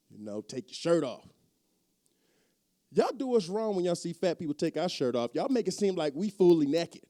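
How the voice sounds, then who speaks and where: A man doing a self-deprecating stand-up set in a conversational manner, jumping up in pitch for the voices he quotes. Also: mellow. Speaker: stand-up comedian. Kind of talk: stand-up comedy.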